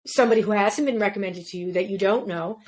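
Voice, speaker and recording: A woman hosting a podcast, talking casually and thoughtfully, often pausing and searching for words. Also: medium pitch, darkish tone. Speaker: podcast host.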